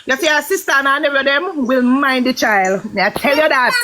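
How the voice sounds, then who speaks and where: A Jamaican woman chatting in patois, telling a story with lively, emphatic commentary. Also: high voice, moderate pace. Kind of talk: heated gossip chat in patois.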